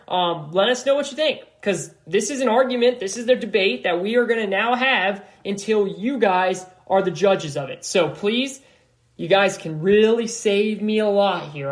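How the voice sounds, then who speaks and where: A young man hosting a solo sports podcast from an apartment, talking loudly and with energy, rambling and restarting his sentences. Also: high-pitched. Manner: loud, animated and rambling, with many restarts. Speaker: podcast host. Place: apartment room.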